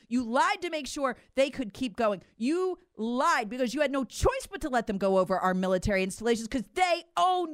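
Middle-aged female talk co-host, high lively voice, indignant and sarcastic, dry close mic. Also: no echo. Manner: emphatic, indignant, sarcastic mock quotes. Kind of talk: political commentary chat.

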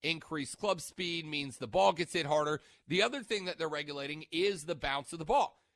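A man's voice: on the high side, normal speed, fairly bright tone, dry recording. A man hosting a sports radio show, chatting casually and rambling, stopping mid-sentence to check his notes. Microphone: studio microphone.

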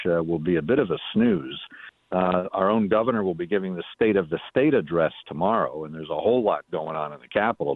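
A man's voice: fairly low pitch, no room sound. A middle-aged man, a former state senator calling into a radio talk show, chatting and telling stories with frequent restarts. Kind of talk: casual radio call-in chat. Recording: tinny phone line.

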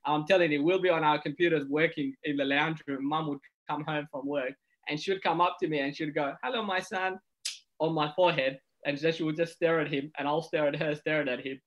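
A man's voice: on the high side, a little fast, muffled recording. A man who is a comedian, telling a personal story as a podcast guest, acting out what others said. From Ethiopia. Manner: animated storyteller, acts out quotes.

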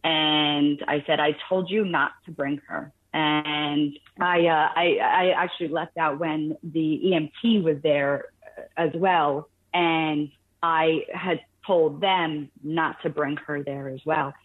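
A woman calling in to a radio show, telling a caregiving story in an earnest, halting way with many restarts. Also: low-pitched, steady tone. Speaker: caller sharing a caregiving story. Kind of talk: phone-in radio conversation. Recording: tinny phone line.

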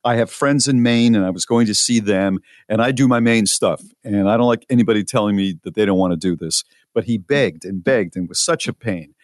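Male podcast host, animated storyteller, dry close mic. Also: on the low side, fairly quick, hardly any pauses, no echo. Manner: animated, mock-indignant storyteller. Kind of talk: casual storytelling.

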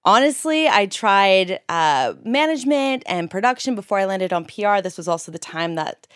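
Young woman from san francisco, guest on a chat show, jokey and expressive, dry close mic. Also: mid-range voice, smooth, dry recording. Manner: expressive, laughs easily, quick to joke. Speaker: guest, PR company founder. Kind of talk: casual chat.

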